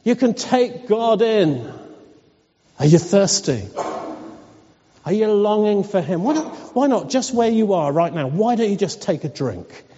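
A high-voiced pastor preaches to his church, mixing earnest pleading questions with soft laughs. His voice is mellow and warm, and it carries with a long reverb through a church hall on a dull, lo-fi recording. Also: big pitch swings, a little slow, breathy edge. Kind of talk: sermon.

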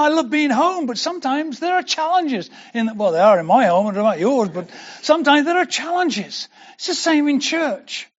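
A man's voice: very high-pitched, dull audio. An older man preaching a sermon as pastor, earnest and building to emphatic declarations.

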